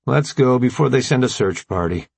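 An easygoing soldier smoothing things over, calm and a little raised, with a husky, gravelly tone, as a male narrator does him. Dry, close sound. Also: medium pitch, normal speed, dry recording.

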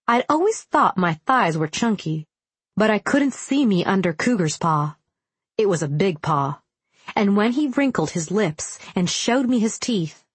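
A young woman reads a first-person audiobook in a wry, self-deprecating manner. Her voice sits low and a little husky, recorded close and dry with no room sound. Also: no room sound.

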